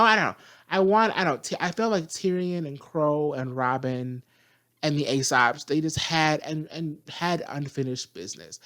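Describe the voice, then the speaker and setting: A video reviewer giving a casual spoken review, chatty and full of slangy asides, laughing often. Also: mid-range voice. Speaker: video reviewer of an animated series.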